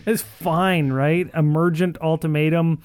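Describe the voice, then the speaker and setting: A man's voice: a little high, fairly even intonation, unhurried, clear, resonant tone, dry recording. A man co-hosting a casual podcast, rambling in a sardonic, profane way with lots of "like" fillers. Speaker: podcast co-host. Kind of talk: casual card game chat.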